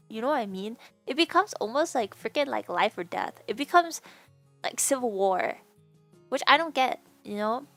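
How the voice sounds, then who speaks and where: A young woman with a lisp and some vocal fry from a sore throat, chatting casually to her stream, rambling with lots of fillers and sudden laughing squeals. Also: on the high side, a bit bright. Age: young adult. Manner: rambling, many fillers and restarts. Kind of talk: casual chat to a live stream.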